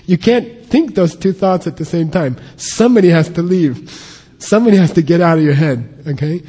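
A man's voice: fairly high pitch, animated, normal speed, few pauses, warm tone, husky. A man teaching a Buddhist text, explaining terms patiently and checking in with his listeners often. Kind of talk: lecture on a scripture. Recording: long hall reverb.

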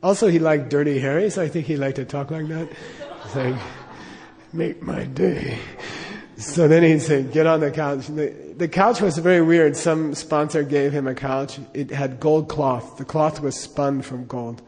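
A man's voice: on the high side, steady tone, moderate pace, hardly any pauses, darkish tone, long reverb tail. A middle-aged man telling a personal anecdote in a rambling way, with lots of fillers and chuckles. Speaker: storyteller.

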